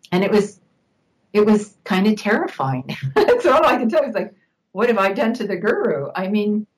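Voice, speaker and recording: Older woman guest, reflective storyteller, mid-pitched voice. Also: rough recording. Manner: warm reminiscing with laughs. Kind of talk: interview storytelling.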